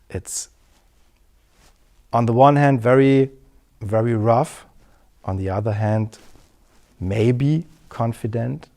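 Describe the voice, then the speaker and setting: A middle-aged man gives an earnest lesson on public speaking. His voice sits low, and he speaks very slowly, in measured steps. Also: dark tone. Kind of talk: scripted lesson to camera.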